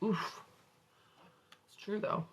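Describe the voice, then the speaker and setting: A woman's voice: extremely slow, slight background noise, low-quality recording. A woman hosting a morning motivation show, reading a self-help book aloud with casual, salty asides. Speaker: motivational host.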